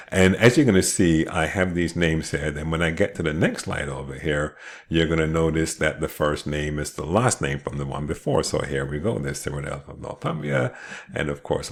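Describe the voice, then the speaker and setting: A man with a London accent and an extremely low, deep voice talks through slides in a casual way. He keeps up a chatty flow, throwing in joking asides and quick tag questions to the listener. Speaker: family history presenter. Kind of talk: casual talk over slides.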